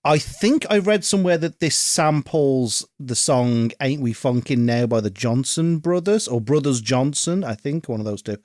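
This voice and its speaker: A podcast co-host shares thoughtful, casual opinions about an album, hedging with ums and restarts and swearing now and then. His mid-range voice is a little mellow with lively intonation, moderate pace and few pauses, in a dry, studio-quality recording.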